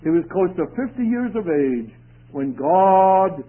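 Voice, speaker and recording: A man preaching in a high, husky voice, earnest and emphatic, his lines rising and falling to stress each point. It comes through a thin, phone-like radio broadcast. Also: lively intonation, measured pace. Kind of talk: sermon.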